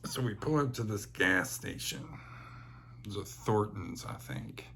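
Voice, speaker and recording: A man's voice: lowish voice, expressive, unhurried, gravelly, fairly bright tone, a little hiss or hum. A young man telling personal stories in a chatty, rambling way, with many fillers and laughs. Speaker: vlogger. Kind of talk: casual personal storytelling.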